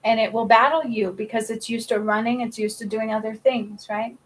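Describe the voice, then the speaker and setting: Spiritual reader on a live stream, a woman with a slightly high voice, emphatic and blunt. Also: fairly even intonation, a little fast, low-quality recording. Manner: emphatic, keeps adding "okay?", swears casually. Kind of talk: live-stream card reading.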